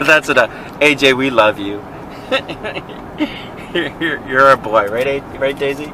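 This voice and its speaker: A man's voice: mid-range voice, lively intonation, slow pace. A man co-hosting a vlog, chatting casually from a car in traffic, rambling through a story and laughing often. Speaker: vlog co-host. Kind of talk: casual chat while driving.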